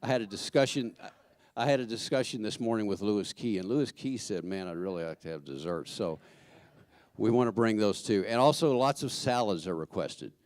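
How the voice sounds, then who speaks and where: A man giving church announcements in a chatty, joking way, halting with fillers and restarts. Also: on the low side, a little mellow, no room sound. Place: church sanctuary.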